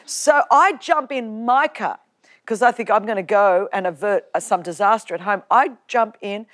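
A woman with an Australian accent giving a personal testimony talk, animated and humorous, acting out the lines she quotes. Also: medium pitch, normal speed. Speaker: preacher.

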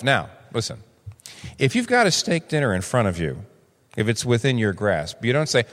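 A man in his sixties preaching with a lively, swinging voice. He acts out quoted voices with big jumps in pitch. His words ring out with the long reverb of a large hall. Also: moderate pace. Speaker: pastor. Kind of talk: sermon.

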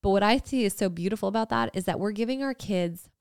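A woman's voice: medium pitch, fast, darkish tone, smooth, no echo, studio quality. A woman in her thirties co-hosting a casual faith podcast, talking earnestly and reflectively with frequent "like" fillers. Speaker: podcast co-host.

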